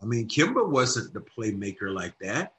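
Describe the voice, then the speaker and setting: A man co-hosting a podcast, talking basketball in a casual, emphatic way that turns loud and lively when he argues a point. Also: fairly low pitch, normal speed. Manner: emphatic, gets loud and animated when arguing. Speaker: podcast co-host. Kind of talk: casual sports talk.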